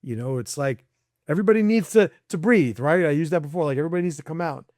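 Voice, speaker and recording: Blunt, profane man, fairly high voice. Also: fast, no room sound, studio quality. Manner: blunt, profane, animated, acts out quoted people; laughs between points. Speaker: podcast guest. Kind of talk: casual chat.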